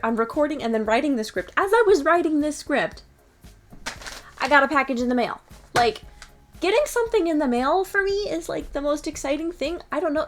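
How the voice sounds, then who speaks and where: Candid young woman student vlogger. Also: high voice. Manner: candid and self-mocking, with casual swearing; playfully acts out her own excited lines. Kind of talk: casual motivational vlog talk.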